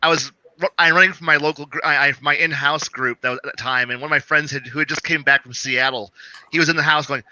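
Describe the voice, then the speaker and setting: A man telling a gaming story in casual chat, animated and laughing, acting out his friends' lines. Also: fairly high pitch, fast talker, lo-fi sound.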